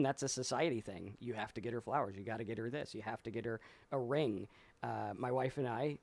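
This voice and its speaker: A man with a mid-range voice co-hosts a casual live talk show, reading out viewer comments and spinning long stories. He rambles as he tells them and acts out the different voices. The recording has no echo.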